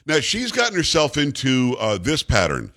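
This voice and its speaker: A man hosting political talk radio with a sarcastic, mocking edge. His pitch rises and falls a lot as he talks, and he sounds animated throughout. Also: normal speed. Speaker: radio talk show host.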